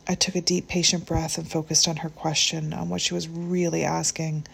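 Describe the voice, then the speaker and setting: A woman reading a short story aloud in a gentle, measured way. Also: low voice, little pitch movement, creaky, husky. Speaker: audiobook narrator.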